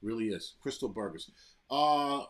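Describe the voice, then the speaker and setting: Us guy cussing a lot on his live chat, blunt ranty talk, mid pitch. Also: animated, measured pace, a bit bright. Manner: blunt, profane ranting with laughs. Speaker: livestream host reading chat. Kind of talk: profane casual live chat.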